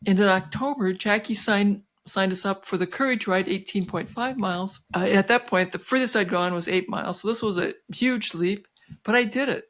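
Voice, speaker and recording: A medium-pitched woman in her sixties talks at a normal rate. As a physician guest being interviewed, she recounts something personal with lots of fillers and restarts, animating the tale and voicing the people she quotes.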